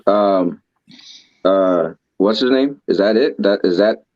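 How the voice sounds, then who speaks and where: A man's voice: on the low side, slow, highs cut off, a loud crowd. A man on a casual podcast panel, teasing and pushing back on a fellow panelist. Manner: excited, teasing, pushes back. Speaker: podcast co-host.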